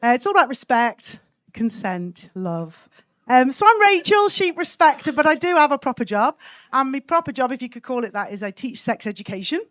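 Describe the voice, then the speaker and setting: A woman from Wales performing a cheeky stand-up set, landing punchlines deadpan on a comedy club stage. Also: high-pitched, a little fast, no echo.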